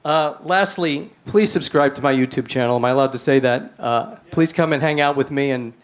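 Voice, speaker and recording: A man's voice: mid-range voice, fairly quick. A middle-aged man with a New York accent, a musician chatting friendly and rambling between songs on a live stream. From New York City. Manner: rambling, friendly, with shout-outs and chuckles.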